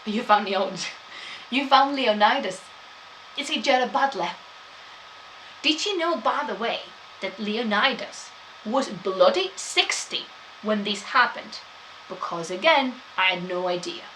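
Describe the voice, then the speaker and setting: A woman's voice: mid-range voice, lively intonation, a little slow, pauses often, fairly bright tone, slight background noise, low-quality recording. A woman gives a chatty live-streamed history talk, laughing often and answering chat.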